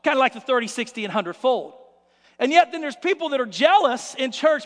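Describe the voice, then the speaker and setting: A man preaching a sermon as pastor, telling stories in an animated way and acting out the scenes. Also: very high-pitched, a little fast, in a large hall.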